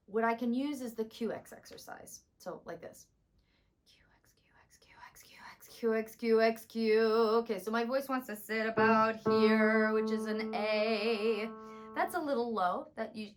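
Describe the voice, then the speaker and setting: Hoarse woman voice teacher, tired voice. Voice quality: slight rumble in speaking voice. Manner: calm, instructive, demonstrating exercises. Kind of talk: vocal warm-up lesson.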